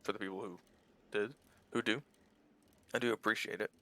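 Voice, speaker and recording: A man's voice: on the low side, steady tone, normal speed, sharp tone. A man giving casual, rambling let's-play commentary as a small YouTuber, candid and swearing easily. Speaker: small YouTuber playing a game.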